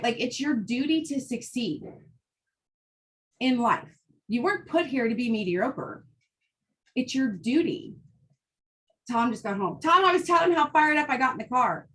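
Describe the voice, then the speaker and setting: A high-pitched woman talks casually and with real fire, driving home her points bluntly. She keeps asking "right?" to pull her listeners along. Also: a bit bright. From United States. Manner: fired-up, blunt, emphatic with frequent "right?". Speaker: host. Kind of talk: casual motivational talk.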